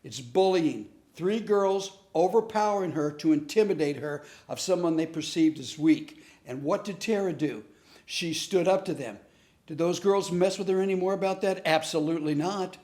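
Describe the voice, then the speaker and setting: A man's voice: a little high, moderate pace, reverberant. A middle-aged man teaching a lesson on bullying through stories, acting out the dialogue as he tells them. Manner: animated storyteller acting out dialogue. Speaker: comedian teaching a class on bullying. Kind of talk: storytelling lesson.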